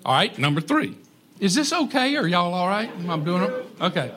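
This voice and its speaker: A man's voice: sits high, sing-song, moderate pace, crowd noise. A man preaching a sermon in a folksy, conversational way, with joking asides to the congregation. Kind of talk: sermon on parenting.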